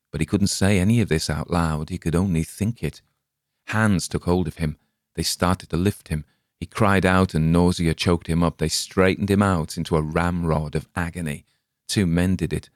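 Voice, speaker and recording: A man with a very deep voice narrates a dark short story in a measured, dramatic way. The recording is dry and close, with no room sound. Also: no room sound.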